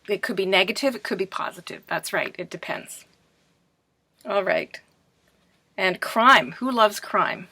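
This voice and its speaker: Female teacher, slow and clear, bright tone, runs a mock class with imagined students. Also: medium pitch. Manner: asks questions and answers for imagined students; clear, deliberate teacher delivery. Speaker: English pronunciation teacher.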